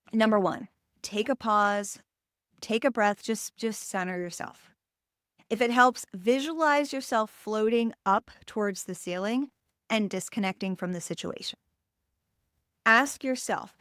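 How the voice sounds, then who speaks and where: A woman's voice: fairly high pitch, fairly bright tone, no room sound, studio quality. A woman hosting a podcast, coaching listeners in an emphatic, direct way.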